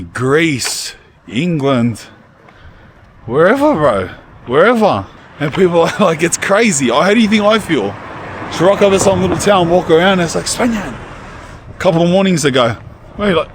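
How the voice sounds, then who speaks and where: Casual vlogger man on a noisy street. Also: fairly high pitch. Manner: casual slang-heavy chat, calls people bro. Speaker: YouTuber and rapper. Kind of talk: casual travel vlog talk. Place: outdoors in a cold town street. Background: street and traffic sounds.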